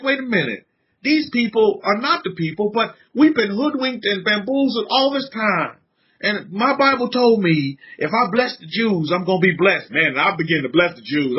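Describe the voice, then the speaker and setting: Slightly high and husky, this man's voice carries a fervent yet conversational informal sermon sprinkled with casual slang. He's a religious teacher in San Antonio, heard on a dull, lo-fi recording.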